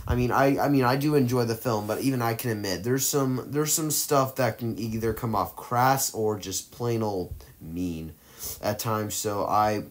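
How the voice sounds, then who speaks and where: Speaking at a normal speed in a mid-range voice, a man ranks movies for a tier list video. His commentary is casual and rambling, hesitant, peppered with fillers and mid-sentence self-corrections.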